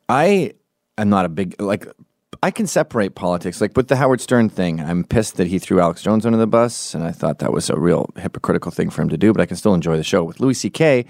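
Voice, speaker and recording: A man in his forties with a fairly low voice, holding forth in a comedic podcast rant. He swears freely and drops into quick impressions of the people in his stories. The sound is dry and close, with no room around it. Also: vocal fry, darkish tone, no echo. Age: 40s. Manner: profane, ranting, opinionated; acts out quoted voices mid-story.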